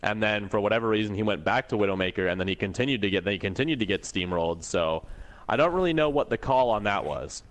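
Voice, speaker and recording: A man from Canada commentating a live online game tournament with excited, filler-heavy play-by-play. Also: fairly low pitch, fast talker. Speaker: esports co-commentator.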